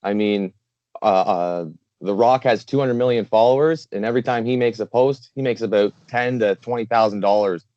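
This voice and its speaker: A Canadian charity founder, appearing as a guest in a casual interview, talks earnestly and rambles with many fillers. His voice is lowish and a little mellow at a normal speed, recorded with a dull, dry, lo-fi sound.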